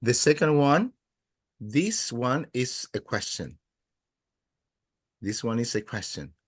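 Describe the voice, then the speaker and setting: A man teaching a Spanish class in a classroom, patiently prompting students, praising their answers and pausing often with "uh". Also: mid-range voice, sing-song, breathy edge, no room sound, clean studio sound. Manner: hesitant, many "uh" pauses. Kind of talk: classroom language lesson.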